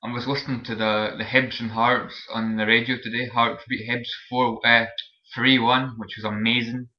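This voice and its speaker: A man's voice: mid-range voice, flat delivery, normal speed. A young man from Scotland with a Scottish Borders accent, chatting casually in a vlog and rambling with lots of fillers and restarts. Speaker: vlogger. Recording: roomy, dull lo-fi webcam audio.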